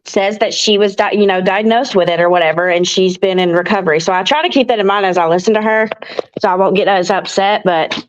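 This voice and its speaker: A woman's voice: medium pitch, quick pace. Woman guest venting on a stream, muffled lo-fi audio. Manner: frank, insistent. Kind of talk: casual livestream chat.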